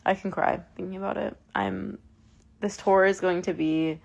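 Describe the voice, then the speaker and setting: A woman's voice: on the low side, fairly even intonation, moderate pace, gravelly, muffled recording. A woman in her twenties chatting casually with fans on a live stream from her phone, emotional and full of fillers and restarts. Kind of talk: casual livestream chat with fans.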